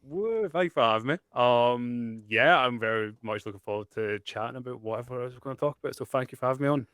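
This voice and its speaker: A man's voice: medium pitch, fast, a bit bright, smooth, no room sound, studio quality. A man in his twenties, a podcast guest who talks modestly with hesitant fillers. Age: 20s. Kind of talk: casual chat.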